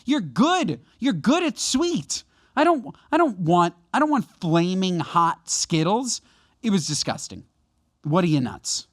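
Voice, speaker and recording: Male podcast co-host, lively swooping delivery, mock-outraged rants, dry close mic. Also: high voice, a little slow, no room sound. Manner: animated, mock-outraged ranting. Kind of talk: casual comedic podcast chat.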